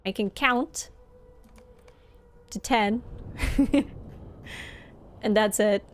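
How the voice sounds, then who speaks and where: A woman's voice: medium pitch, drawn-out words, slight background noise. A woman from Norway, chatting casually and giggling often while live-streaming a game.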